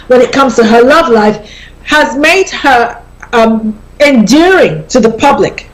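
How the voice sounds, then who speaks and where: A woman with a fairly high voice hosts a radio talk show from a studio. She chats in an easy, explanatory way and circles back to repeat her key points. Her tone is relaxed and conversational, like someone coaching listeners. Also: rough recording.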